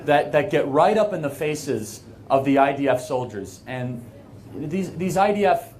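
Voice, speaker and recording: A man's voice: on the high side, expressive, a little slow, darkish tone. An American man giving an earnest, emphatic speech to a live audience, conversational and full of asides. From United States. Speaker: guest speaker. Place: event hall with an audience.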